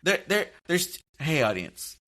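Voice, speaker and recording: A man co-hosting a casual podcast, excitable and prone to swearing and animated outbursts. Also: on the high side, unhurried. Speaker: podcast co-host. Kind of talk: casual chat.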